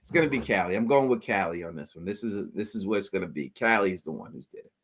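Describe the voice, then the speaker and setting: Excitable livestream host, a man. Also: lowish voice, quick pace, a little hiss or hum. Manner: animated, laughs often, stammers through restarts. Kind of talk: casual call-in chat.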